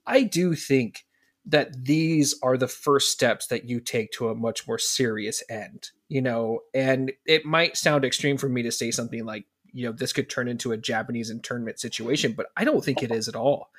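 A man's voice: mid-range voice, moderate pace, fairly bright tone. A man co-hosting a casual podcast chat, talking earnestly and rambling with many restarts. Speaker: podcast co-host.

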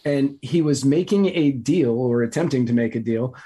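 Measured male co-host, husky and mellow, explains with dry asides. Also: medium pitch. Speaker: podcast co-host. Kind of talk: casual political comedy chat.

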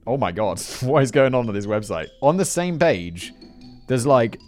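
A man reads a prepared narration in an everyday mid-pitched voice and keeps drifting into rambling, self-deprecating asides. Soft music plays faintly underneath. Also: big pitch swings, normal speed. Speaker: presenter. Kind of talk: scripted narration with off-script joking asides.

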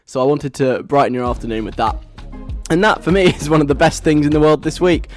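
A man's voice: on the high side, lively intonation, a little fast, soft background music. A young man DJing on the radio, chatting casually in a giggly, rambling way.

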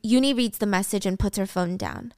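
A woman's voice: mid-range voice, fairly quick, no room sound, clean studio sound. Chatty young woman recapping a drama. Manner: chatty, animated storytelling. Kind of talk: casual drama recap narration.

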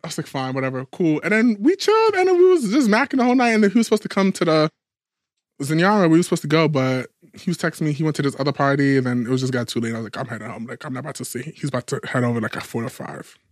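Fast-talking man in his twenties telling stories. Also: a little high, no room sound, clean studio sound. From New York. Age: 20s. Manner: animated storyteller, acts out dialogue. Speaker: podcast co-host. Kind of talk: casual gossip chat.

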